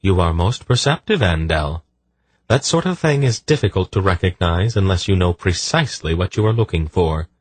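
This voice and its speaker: A powerful, cool-headed sorceress, as a male narrator puts her on, speaking with frosty, implacable authority. Her husky voice stays close and dry in an audiobook reading. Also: low voice, animated, moderate pace, no room sound. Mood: commanding calm. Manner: cool, implacable, dryly amused. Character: commanding, calm, powerful woman sorceress.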